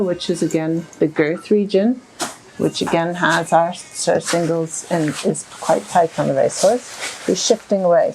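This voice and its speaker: A woman's voice: lowish voice, darkish tone, a little hiss or hum, rough recording. A woman narrating a hands-on horse bodywork session as she does it, chatty and step by step. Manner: chatty, talks through each move as she works. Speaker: equine bodywork practitioner. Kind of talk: live narration of a hands-on technique. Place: with a horse, in a stable or yard. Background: faint music.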